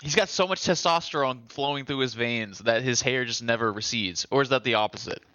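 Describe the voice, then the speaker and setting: A young adult man co-hosting a casual chat, animated, quick to laugh and often swearing. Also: mid-range voice, dry recording, highs cut off. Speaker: podcast co-host.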